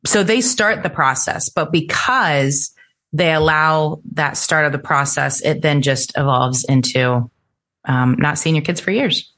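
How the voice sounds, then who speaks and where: A woman's voice: deep voice, a little slow, a bit bright. A middle-aged woman, an interview guest, telling her personal story earnestly and lifting her voice when she quotes people.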